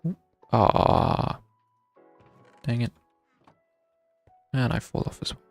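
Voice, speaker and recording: A man's voice: mid-range voice, takes it slowly, creaky, long pauses, dry recording, soft background music. A young man chatting casually while streaming a game, thinking aloud with wry self-mockery. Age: young adult. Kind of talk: casual live gameplay commentary.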